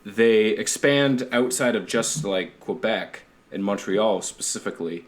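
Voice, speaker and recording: A Canadian podcast host with a lowish, slightly slow voice chats casually and rambles, swearing freely and laughing often.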